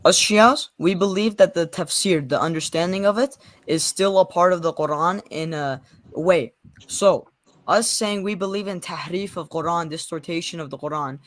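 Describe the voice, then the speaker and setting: A young man in a live debate, talking quickly and defending his points. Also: fairly high pitch. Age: young adult. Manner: fast, defensive talker. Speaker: debate participant.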